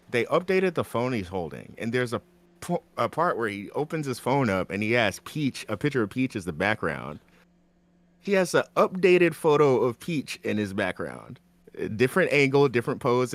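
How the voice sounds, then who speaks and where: A man's voice: mid-range voice, normal speed. A man co-hosting a gaming podcast, telling bits with profanity and laughter. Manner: animated, profane, laughing storyteller. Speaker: podcast co-host. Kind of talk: casual podcast chat.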